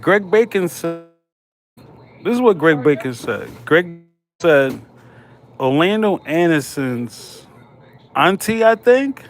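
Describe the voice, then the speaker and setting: A man hosting a casual livestream from a hospital room, slangy and laid back as he chats with viewers. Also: fairly high pitch. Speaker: livestream host.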